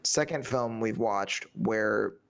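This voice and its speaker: A man's voice: on the low side, slow, creaky. A man co-hosting a casual film review podcast, talking loosely, swearing freely and slipping into mock accents. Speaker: podcast co-host.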